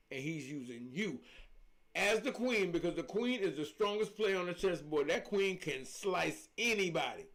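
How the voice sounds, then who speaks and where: A middle-aged man, speaking in a fairly high voice. He talks casually on a livestream as a spiritual coach, and he preaches with emphasis and repeats his points. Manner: emphatic, preachy storytelling with repetitions.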